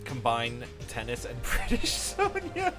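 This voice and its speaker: A man's voice: mid-range voice, huge pitch swings, a little slow. A man live-streaming a game, chatting casually, reading out viewer messages, often laughing and exclaiming. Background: game music.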